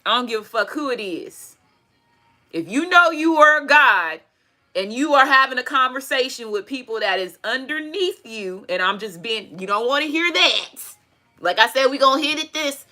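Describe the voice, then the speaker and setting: Woman, tarot reader, bright voice, fairly high, blunt and profane. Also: animated, moderate pace. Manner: blunt, profane, preachy asides. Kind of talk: casual tarot reading monologue. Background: faint music playing.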